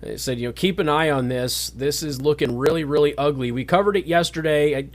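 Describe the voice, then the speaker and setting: Talk radio, man, host, emphatic, repeats words, higher-pitched, studio microphone. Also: fairly quick.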